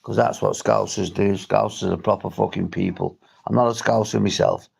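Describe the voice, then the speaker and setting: Talking to his livestream viewers, this St Helens man with a Merseyside accent is blunt about drug recovery, swearing frequently and starting sentences over. His voice is lowish, gravelly, husky, and a little mellow, with a steady tone at a normal speed. He is a recovery vlogger from England.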